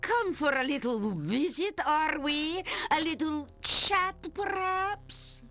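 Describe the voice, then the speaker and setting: A woman's voice: high voice, animated, slow, pushed and bright, soft background music, heavily acted. A woman voicing a gleeful, taunting old witch in a video game, who cackles and mocks her captive in a sing-song manner. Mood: gloating.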